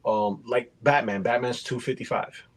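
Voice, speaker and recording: A man's voice: mid-range voice, moderate pace, low-quality recording. A man co-hosting a toy review show, talking casually and rambling through prices and accessories. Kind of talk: casual podcast chat.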